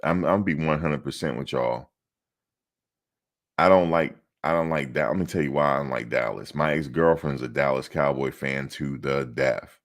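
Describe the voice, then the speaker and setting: A man hosting casual sports talk, rambling and animated, often quoting others in his own voice. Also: extremely low pitch, normal speed. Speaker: sports commentary host.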